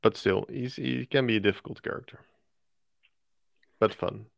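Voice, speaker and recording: A man co-hosting a casual tabletop game chat, relaxed and easygoing, with fillers. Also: lowish voice, normal speed, vocal fry, no room sound, lo-fi sound. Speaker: podcast co-host.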